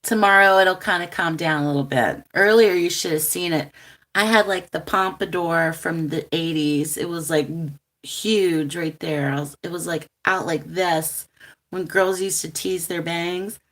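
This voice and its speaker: A woman chats on a live stream. She talks unhurriedly in a lowish voice, rambling with ums and laughing often. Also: steady tone, unhurried, a bit bright. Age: 40s. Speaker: tarot reader hosting a live stream. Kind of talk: casual rambling livestream chat.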